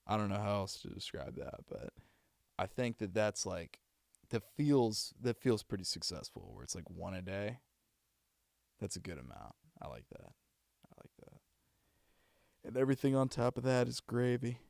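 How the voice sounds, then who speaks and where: Speaking from his home streaming setup, this young streamer and voice actor chats casually to wrap up a livestream, trying out a put-on Boston accent as he rambles through thanks to viewers with many restarts. The voice sits lowish, sing-song and creaky, with a darkish tone at a moderate pace. The recording is dry and studio quality.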